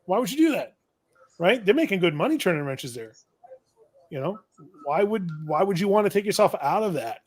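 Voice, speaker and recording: A man co-hosting a live shop-talk stream, musing reflectively with the odd chuckle. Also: on the high side. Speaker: podcast co-host. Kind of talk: casual shop talk livestream.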